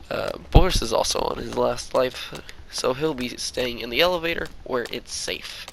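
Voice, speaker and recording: A man voicing a gentle man made by an ink machine, speaking quietly and fearfully, as he reads a fan story aloud. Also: mid-range voice, moderate pace, creaky, slight background noise, lightly acted, poor audio. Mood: earnest. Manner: quiet, hushed, fearful at times.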